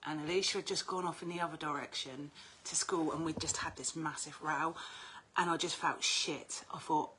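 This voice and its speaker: A woman's voice: deep voice, normal speed, slight background noise. A middle-aged woman, chatting casually on a livestream as an oracle card reader, talkative and prone to swearing. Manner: chatty, animated, swears freely.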